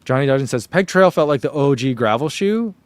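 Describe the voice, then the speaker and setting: A man in a relaxed vlog, talking about running shoes in a loose, rambling way. His voice sits at an ordinary middle pitch, and he reads out viewer comments between his own asides. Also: fairly quick, no room sound. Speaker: running shoe reviewer. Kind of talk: casual vlog chat.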